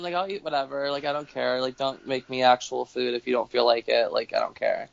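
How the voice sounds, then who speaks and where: A man's voice: fairly high pitch, moderate pace, creaky, no room sound. Rambling, swearing man on a dull, dry mic. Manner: rambling, swearing, animated quoting. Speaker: podcast guest. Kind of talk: casual storytelling chat. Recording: dull lo-fi home recording.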